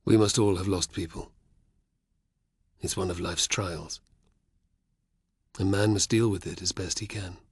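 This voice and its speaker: A man voicing a stern male rebel leader who is friendly but commanding, low and steady. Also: measured pace, pauses often, breathy edge, dry recording, studio quality, full character voice.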